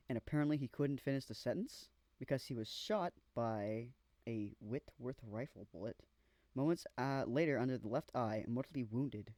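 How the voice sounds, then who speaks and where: A man's voice: mid-range voice, normal speed, darkish tone, no echo. A young man reacting casually as he reads aloud, using slang and swearing, stumbling over words as he goes. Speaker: vlogger.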